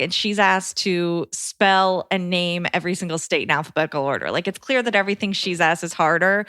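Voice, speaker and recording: A woman co-hosting a podcast, chatting and reading listener letters aloud in a measured, matter-of-fact way. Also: lowish voice, fairly bright tone, clear, resonant tone, no echo, studio quality. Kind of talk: casual podcast chat.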